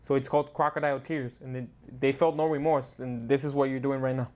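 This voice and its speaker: A man's voice: mid-range voice, little pitch movement, quick pace, darkish tone. A man hosting a casual explainer show, chatty and joking, often restarting his sentences. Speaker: host.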